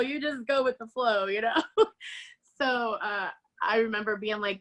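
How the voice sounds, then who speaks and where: A woman shares her personal testimony as an interview guest. Her voice sits a little high, and she tells it animatedly, slipping into the voices of the people she quotes and laughing often. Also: measured pace, fairly bright tone, poor audio.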